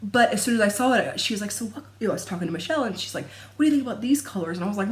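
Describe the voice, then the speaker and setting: A woman's voice: mid-range voice, expressive, rapid-fire, few pauses. A young adult woman chatting casually to camera about her stitching, rambling and laughing often. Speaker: cross-stitch vlogger. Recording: echoey room.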